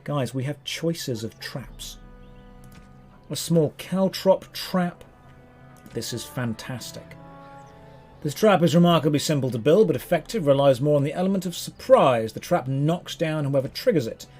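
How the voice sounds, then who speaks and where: A man streaming a game, chatting playfully with quick asides. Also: fairly high pitch, lively intonation, darkish tone, soft background music. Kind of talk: casual gameplay commentary.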